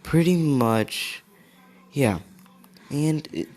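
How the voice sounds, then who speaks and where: A man's voice: a little high, animated, very slow, darkish tone. A tired young man improvising a fan story, rambling and hedging with lots of fillers. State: tired, yawning.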